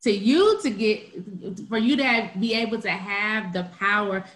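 A woman's voice: medium pitch, lively intonation, measured pace, fairly bright tone, roomy sound. A woman hosting an interview, talking in an emphatic, affirming way. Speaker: interview host. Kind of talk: casual interview talk.

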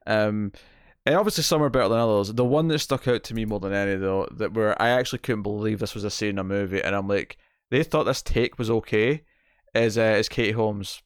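Speaking a little fast in a fairly low, clean voice, a male film podcast co-host chats casually about movies. His talk rambles with frequent restarts and repeated words, and the studio sound is clean without echo.

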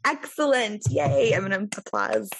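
A middle-aged woman hosting a podcast, enthusiastic and quick with praise. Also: medium pitch, lively intonation, a bit bright, slight background noise. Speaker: podcast host. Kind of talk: casual interview chat.

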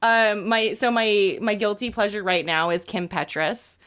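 A woman's voice: medium pitch, a little slow, fairly bright tone, smooth. Young woman podcast cohost, laughy, swears a lot, playful casual chat. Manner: laughs often, profane and playful. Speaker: podcast co-host.

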